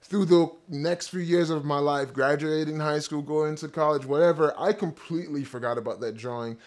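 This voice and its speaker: A man's voice: fairly high pitch, moderate pace, a little mellow. A man in his thirties, a company founder, eagerly telling a rambling personal story straight to his viewers. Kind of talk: casual storytelling to camera.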